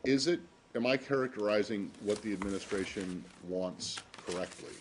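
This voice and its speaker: Deep-voiced man reporter questioning hesitantly. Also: a little hiss or hum. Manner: halting, hesitant questions with restarts. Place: government press briefing room.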